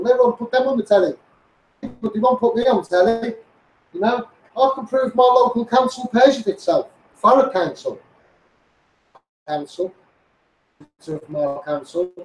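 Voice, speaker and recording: A man's voice: very high voice, moderate pace, pauses often, reverberant, recorded from a distance, poor audio. Ranting man with a Scouse-Essex accent. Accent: Scouse mixed with Essex. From England. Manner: ranting, greets viewers by name, repeats himself. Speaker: campaigner live-streaming to followers. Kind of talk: impassioned live-stream rant.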